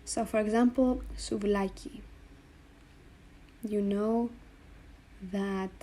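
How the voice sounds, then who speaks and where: Woman, language teacher, slow and patient, mellow tone, faint room noise behind. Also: mid-range voice, fairly even intonation. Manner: slow, patient, spells out sounds and repeats them. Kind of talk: explaining letters on a board.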